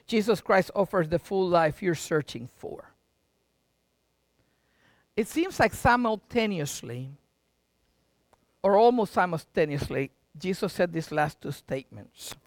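Middle-aged man, sermon-style pastor, very animated pitch, folksy and joking with his flock. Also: unhurried, pauses often, no room sound, clean studio sound. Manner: dramatic preaching with sudden loud and quiet swings; folksy, joking asides to the congregation.

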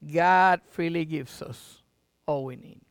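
A middle-aged man pastor preaching a sermon, with dramatic swings between loud and quiet and folksy asides to the congregation. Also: a little high, slow pace, clean tone, no room sound, clean studio sound.

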